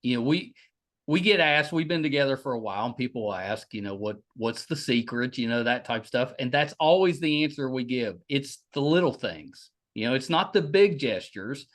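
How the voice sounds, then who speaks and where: A man with a West Virginian accent hosting a podcast interview, talking in a halting way with many restarts. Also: medium pitch, animated. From West Virginia, United States. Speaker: podcast host. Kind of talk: casual interview chat.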